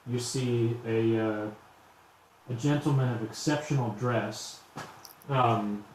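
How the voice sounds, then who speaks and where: A man narrating as game master in an easy, halting way, filling his pauses with ums and uhs. His voice sits in the middle range and bounces around a very echoey room with a faint hum behind it. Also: medium pitch. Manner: loose, halting narration with many fillers.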